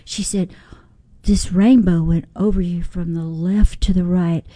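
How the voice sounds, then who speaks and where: An older woman, a singer-songwriter, telling lively personal stories in an interview, acting out what others said. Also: fairly low pitch, a little slow, no room sound. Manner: animated, folksy storyteller acting out quotes. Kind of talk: storytelling interview.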